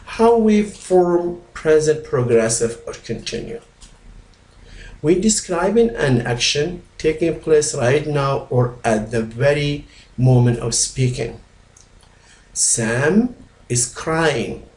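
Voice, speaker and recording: Guy teaching english grammar, non-native speaker, slow and repetitive, echoey room. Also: on the high side, animated, a little mellow. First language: Arabic. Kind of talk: slide-based grammar lesson. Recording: roomy echo.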